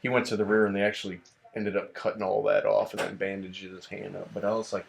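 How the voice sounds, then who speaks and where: Man, casual guest, low voice, relaxed storyteller, slight background noise. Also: fast, vocal fry. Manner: easygoing, acts out dialogue with "I'm like". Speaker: guest, former Navy corpsman.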